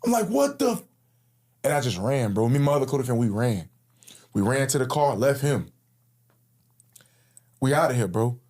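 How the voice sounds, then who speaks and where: Husky-voiced man telling his story. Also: mid-range voice, normal speed, long pauses, a little mellow. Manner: casual slangy, acts out quoted speech. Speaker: interview guest. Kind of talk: personal storytelling in conversation.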